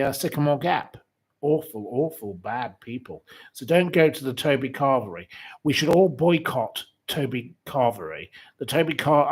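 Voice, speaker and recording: A man hosting a casual livestream from a room in a house, chatting and reading out viewer comments in a rambling way full of fillers and flamboyant asides. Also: mid-range voice. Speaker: livestream host.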